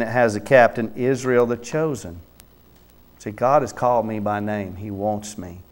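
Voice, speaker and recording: A man preaching a sermon in church, reading scripture aloud emphatically and commenting on it. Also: fairly low pitch. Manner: reads scripture aloud with his own name inserted, then comments; emphatic, rising to loud exhortation. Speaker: pastor. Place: church sanctuary.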